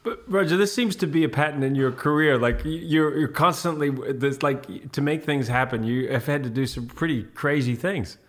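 A man interviewing a filmmaker, asking short follow-up questions and adding quick remarks. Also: medium pitch, fairly bright tone. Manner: prompting questions, short affirmations. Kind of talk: interview conversation.

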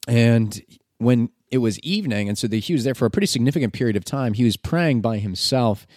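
A man's voice: mid-range voice, lively intonation, brisk, darkish tone, no echo, clean studio sound. A man reading scripture and then preaching about it in an earnest, conversational way, with filler words.

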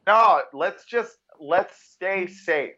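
A brash man co-hosting a podcast who swears freely and calls everyone dude. His voice sits a little high and comes through a dull, lo-fi recording. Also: lively intonation, extremely slow, sharp tone, slightly rough. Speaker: podcast co-host. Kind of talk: casual chat.

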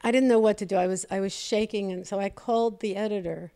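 A woman's voice: medium pitch, fairly even intonation, fast, mellow, clear, resonant tone. A woman comedy writer as an interview guest, telling anecdotes in a wry, self-deprecating way. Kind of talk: casual interview chat, storytelling.

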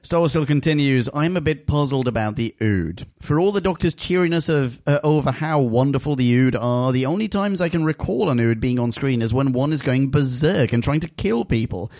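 A man hosts a casual podcast and reads listener reviews aloud with a playful, joking lilt. His voice sits at an ordinary pitch. The sound is close and completely dry. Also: dry recording. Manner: jokey, giggly, reads listener mail in a lively voice.

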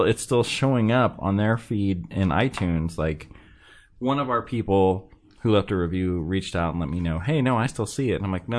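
A man co-hosting a casual podcast, relaxed and chuckling as he chats and reads listener reviews aloud. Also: lowish voice. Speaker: podcast co-host.

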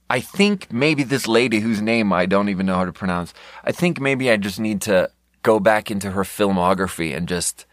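A man's voice: on the low side, no echo, studio quality. A young man from Europe, a podcast host, rambling sarcastically in an unscripted rant and swearing often.

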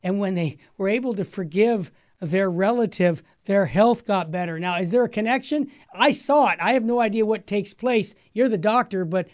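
A woman's voice: medium pitch, moderate pace, hardly any pauses, a little mellow. Enthusiastic female talk show host. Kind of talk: faith talk show discussion.

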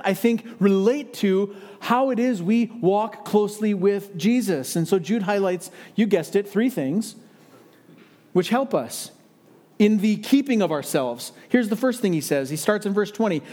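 A man's voice: sits high, expressive, normal speed, darkish tone. A man preaching a sermon as a pastor, earnest and emphatic, asking rhetorical questions of his listeners.

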